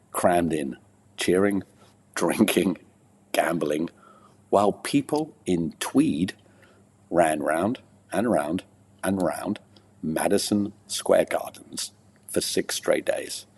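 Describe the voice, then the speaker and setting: A man co-hosting a podcast, reciting a playful comic poem with dramatic pauses. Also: deep voice, darkish tone, husky, long reverb tail. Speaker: podcast co-host.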